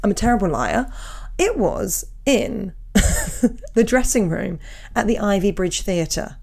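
A woman chatting as a podcast co-host, giggly and playful. Her pitch is lively and swoops around, and she tends to ramble and backtrack mid-sentence. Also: unhurried, gravelly. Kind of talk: casual chat.

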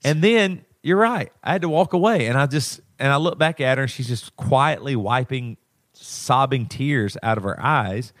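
A man's voice: medium pitch, moderate pace, fairly bright tone, no room sound, clean studio sound. A man in his thirties, a podcast co-host, telling a personal story in a rambling, emotional way with many restarts. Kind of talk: casual chat.

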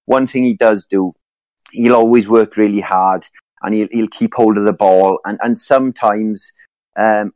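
A man's voice: lowish voice, darkish tone, no echo. A man co-hosting a football podcast, talking casually in rambling turns full of fillers and restarts. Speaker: podcast co-host.

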